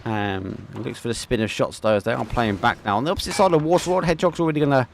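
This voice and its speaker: Talking fast with a creaky, medium-pitched voice, an Englishman with an Essex accent commentates a live esports game and chats casually with viewers. Faint music plays behind him.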